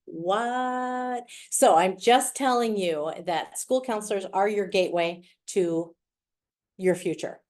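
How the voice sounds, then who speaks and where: A woman's voice: medium pitch, measured pace, darkish tone. A middle-aged woman with a Wisconsin accent giving a chatty, playful presentation over a video call. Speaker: guest speaker. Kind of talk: virtual presentation.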